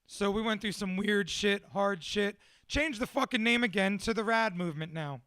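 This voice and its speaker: A man's voice: high voice, moderate pace, fairly bright tone, smooth, no room sound, studio quality. A man giving a candid, profane and self-deprecating personal talk to a small audience, laughing often as he speaks. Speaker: motivational speaker.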